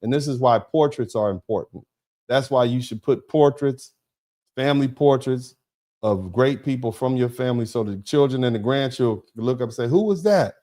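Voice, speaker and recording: A lawyer hosting a live online show thanks viewers by name and reads out their chat comments. His manner is conversational and emphatic, with frequent "you see what I'm saying," halting restarts, and drawn-out fillers. His voice is mid-range and warm.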